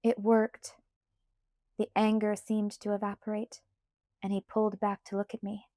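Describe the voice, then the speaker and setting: A woman narrating a first-person novel as an audiobook with an expressive, measured reading. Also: medium pitch, no echo, clean studio sound.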